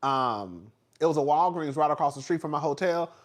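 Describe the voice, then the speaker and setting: A man hosting a casual livestream, chatty and animated, laughing often, with slang and swearing. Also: on the high side, brisk. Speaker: host.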